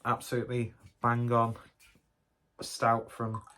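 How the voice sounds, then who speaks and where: A man's voice: medium pitch, completely flat delivery, slow pace, fairly bright tone. A man reviewing a beer in a casual vlog, rambling and joking at his own expense. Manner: rambling, jokey, self-mocking.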